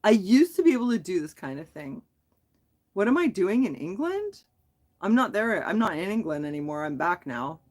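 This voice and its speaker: A woman's voice: mid-range voice, very animated, normal speed, darkish tone. A middle-aged woman hosting a casual livestream, chatting in a giggly, self-deprecating way while replying to viewers. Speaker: livestream host.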